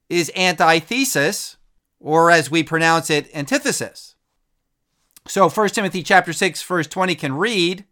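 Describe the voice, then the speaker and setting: A man, a pastor giving a measured radio Bible lesson and reading scripture aloud. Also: on the high side, sharp tone.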